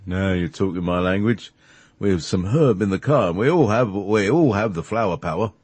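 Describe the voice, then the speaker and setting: A man voicing a laid-back male hippie from the sixties who talks in easygoing slang, with a husky voice. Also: fairly low pitch, expressive, moderate pace, darkish tone, no room sound. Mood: mellow.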